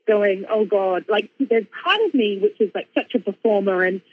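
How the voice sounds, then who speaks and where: A woman author and speaker telling a personal story in casual conversation, animated, with lots of fillers and laughs. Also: fairly high pitch, narrow, tinny audio, slight background noise.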